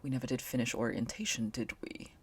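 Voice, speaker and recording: A woman's voice: very deep voice, fast, a little mellow, breathy edge, exaggerated voice. A woman voicing a smug, bossy male resident advisor with a mock-pompous manner.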